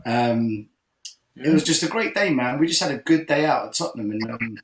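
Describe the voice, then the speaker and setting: Animated man telling a story, echoey room. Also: mid-range voice, normal speed, slight background noise. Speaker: host of a fan call-in show. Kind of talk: casual chat.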